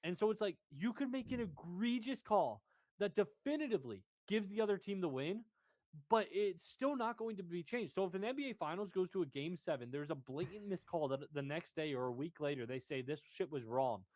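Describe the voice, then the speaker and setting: A man's voice: high voice, lively intonation, fairly quick, a little mellow, no echo. A young man in casual sports chat, emphatic and swearing as he argues his point. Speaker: podcast co-host.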